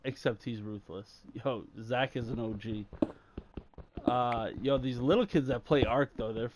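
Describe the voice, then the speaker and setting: A man's voice: medium pitch, unhurried, noisy background. A young man chatting casually while he plays a game, rambling and slangy with lots of fillers. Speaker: gaming channel host.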